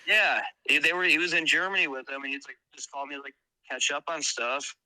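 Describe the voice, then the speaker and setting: Bright-voiced male musician telling tour stories. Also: a little high, fast talker, low-quality recording. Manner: animated, swears freely, tells stories with lots of "like". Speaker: guest musician. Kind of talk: casual interview storytelling.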